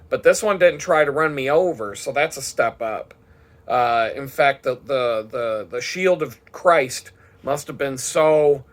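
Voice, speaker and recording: A man's voice: mid-range voice, a bit bright. A man talking casually in a rambling, profane vlog monologue, swearing freely as he tells his day. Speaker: vlogger.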